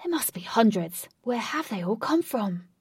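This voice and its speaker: A woman reads as a gentle young male hero with a soft, earnest voice that sometimes drops near a whisper. The storybook reading is close and dry. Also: a little high, sing-song, normal speed, slightly rough, dry recording, recorded from a distance, pitched above the performer's own voice, exaggerated voice.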